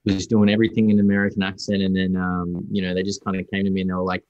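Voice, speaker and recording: A young Australian man with a fairly low voice tells stories in a loose, rambling way, often restarting his sentences. His voice sounds dull and muffled, as if over a video call, and very dry. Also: completely flat delivery, rapid-fire, darkish tone, no room sound. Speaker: actor guest. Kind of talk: casual interview.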